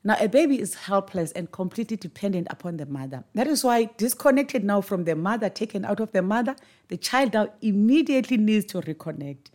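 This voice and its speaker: A woman's voice: medium pitch, expressive, a little fast, a little mellow. A woman hosting a podcast, speaking in an earnest, emphatic monologue and repeating words for stress. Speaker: podcast host. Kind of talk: reflective monologue on parenting.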